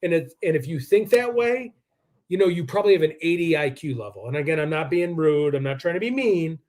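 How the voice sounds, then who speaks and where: A man's voice: fairly high pitch, animated, a little fast, a little mellow. A man hosting a live true-crime stream, rambling and combative, with lots of filler words. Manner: rambling, combative, heavy use of "like".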